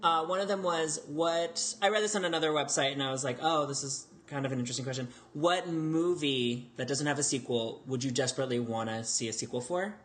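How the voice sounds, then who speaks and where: A woman co-hosting a podcast in casual chat, reacting with short lively interjections. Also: deep voice, fairly quick, hardly any pauses, a little hiss or hum. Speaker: podcast co-host.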